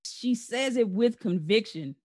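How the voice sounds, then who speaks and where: A woman's voice: fairly high pitch, a little slow. A woman hosting a podcast, chatting casually and laughing easily with her guest. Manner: laughs often, relaxed storytelling. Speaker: podcast host. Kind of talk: casual chat.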